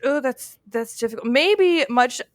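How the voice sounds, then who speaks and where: A woman's voice: high voice, expressive, a little slow, dry recording. Chatty woman on a dry mic. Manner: chatty, laughing, searching for words. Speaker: podcast co-host. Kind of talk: casual chat.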